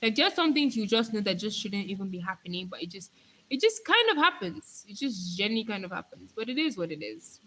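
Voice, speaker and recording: A talkative young woman from Nigeria on a live stream, her bright, high voice swinging lively up and down. She rambles in a hyper, casual way and reads viewer comments aloud. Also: brisk, a little hiss or hum, rough recording.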